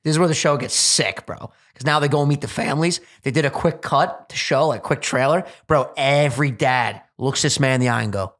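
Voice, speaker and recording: A young man hosting a casual podcast, animated and swearing freely, acting out quotes as he tells stories. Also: medium pitch, fairly quick, few pauses. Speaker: podcast host.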